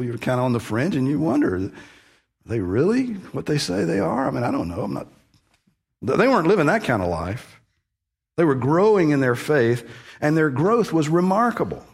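A man with a somewhat husky, breathy voice at an ordinary pitch preaches in a relaxed, conversational way. He leans hard on key words and often restarts his phrases as he teaches. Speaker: pastor. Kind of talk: sermon.

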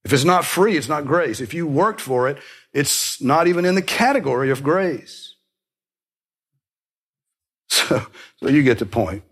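A man preaching a sermon, explaining scripture in an earnest teaching manner with small restarts and soft laughs. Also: fairly high pitch, expressive, a little slow, pauses often, breathy edge. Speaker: pastor.

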